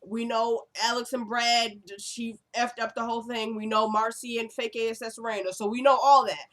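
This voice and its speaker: A woman talking to her own camera, recapping a TV episode in a chatty, excitable way full of asides. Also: a little high, normal speed.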